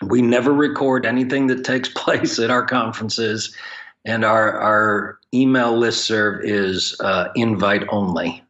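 A man's voice: fairly low pitch, steady tone, measured pace, a bit bright, dull audio. A man who leads a ministry for pastors, telling stories frankly and with blunt humor as a podcast guest. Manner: frank, joking storyteller with plain blunt wording. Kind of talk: conversational podcast storytelling.

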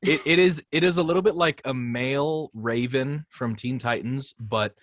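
A man explains in an easygoing, relaxed way during a casual group call. His voice is mid-pitched and close-miked with a dry sound. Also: normal speed, dry recording. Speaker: voice actor.

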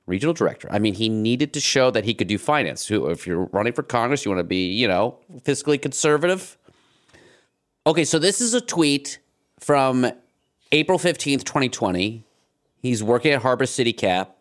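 A man's voice: mid-range voice, lively intonation, moderate pace. A man with an ordinary mid-range voice hosts a comedy podcast. He narrates the story in a wry, sarcastic tone and keeps it casual. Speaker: podcast host.

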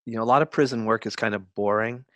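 Reflective man in his 60s, halting. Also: on the low side, fairly even intonation, a bit bright, no echo. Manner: reflective, halting storytelling with restarts. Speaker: guest writer. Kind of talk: interview conversation.

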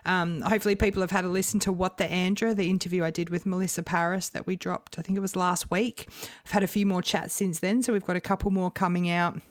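A woman's voice: lowish voice, flat delivery, quick pace, few pauses, no room sound. Bubbly aussie woman cohost, dry close mic. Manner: bubbly, laughing. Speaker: podcast co-host. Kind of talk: casual chat.

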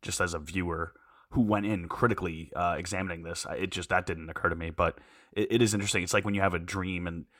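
A man's voice: low voice, steady tone, a bit bright, no room sound, clean studio sound. A man on a podcast giving analytical takes, with stumbling restarts. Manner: fast, analytical, stammers on restarts. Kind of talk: casual podcast chat.

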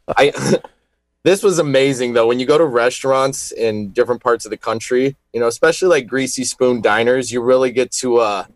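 Male radio co-host, mid-pitched, relaxed and chuckly, dry studio sound. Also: normal speed, no echo. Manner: easygoing, laughs often, hesitant restarts. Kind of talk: casual radio talk show chat.

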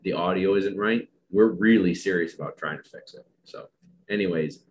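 Low-voiced male podcast host, loose and rambling, self-deprecating humor. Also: moderate pace. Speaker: podcast host and dog trainer. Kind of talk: casual podcast chat.

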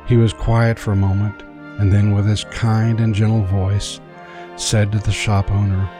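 A man's voice: fairly low pitch, little pitch movement, a little slow. A middle-aged man reading a storybook Christmas tale aloud. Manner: sheepish and laughing in the chat. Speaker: storyteller and guest. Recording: music playing behind.

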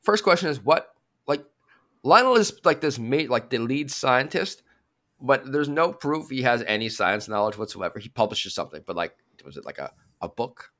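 A man's voice: mid-range voice, big pitch swings, moderate pace, sharp tone. A man co-hosting a casual movie podcast, wry and steering the talk back on track. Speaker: podcast co-host.

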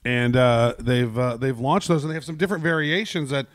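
A man's voice: medium pitch, steady tone, a little fast, no echo, clean studio sound. A man co-hosting a podcast in casual chat, talking loosely with lots of fillers and the odd curse. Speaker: podcast co-host.

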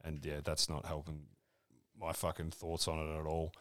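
A man's voice: very deep voice, completely flat delivery, normal speed, fairly bright tone, no room sound, studio quality. An Australian man in his forties hosting a casual podcast, with blunt, sweary banter. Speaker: podcast host.

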